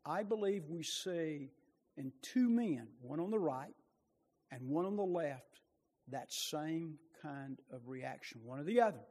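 A man preaching a sermon with passion, rising to loud bursts and dropping to quiet, low asides. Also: lively intonation, a little slow, long reverb tail.

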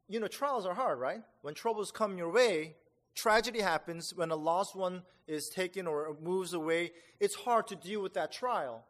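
A man delivering a sermon in a fairly high voice that carries a long hall reverb. He talks conversationally, stumbling over restarts and fillers, then jumps up in pitch to act out his reactions. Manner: animated, acts out reactions with rising pitch. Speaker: pastor.

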